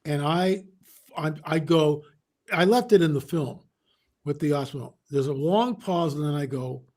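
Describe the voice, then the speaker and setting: A man as an interview guest, telling a story in an animated way, often restarting his sentences. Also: a little high, a little slow. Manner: animated, re-enacts dialogue, frequent restarts.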